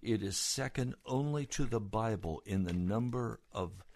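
A male preacher delivering a sermon, speaking slowly and gravely before building into fervent, pleading appeals. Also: on the low side, a little mellow, slight background noise.

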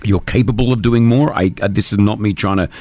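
A man's voice: on the low side, fairly quick, a little mellow, no echo. A man hosting a casual radio talk show, chatty and rambling. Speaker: radio host.

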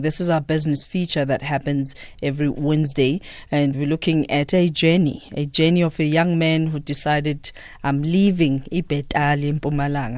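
A South African man hosting a radio interview show, chatty and easygoing, with many filler pauses. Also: fairly high pitch, darkish tone, no room sound. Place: radio studio.

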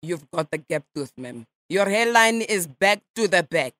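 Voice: medium pitch, animated, a little slow, a bit bright, no echo. A radio host on a prank call, voicing a pushy, prying fake Russian gossip journalist with a put-on Russian accent and mocking questions.

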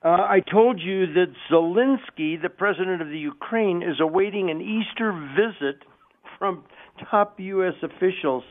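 A man's voice: sits high, moderate pace. A middle-aged man hosting a radio show, talking in a chatty, folksy way and telling jokes. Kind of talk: casual radio talk. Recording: tinny phone-like radio audio.

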